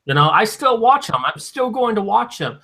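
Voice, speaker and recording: A man with a higher, bright, sharp voice, co-hosting a casual talk show. He argues his case at length and picks apart claims point by point. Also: sing-song, moderate pace. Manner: argumentative, explaining at length. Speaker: co-host. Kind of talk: casual podcast chat.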